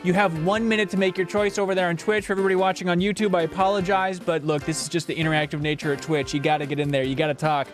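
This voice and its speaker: A man streaming a video game live, joking excitably and talking straight to his chat viewers. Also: high voice, rapid-fire, hardly any pauses, faint music behind. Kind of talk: casual live-stream commentary.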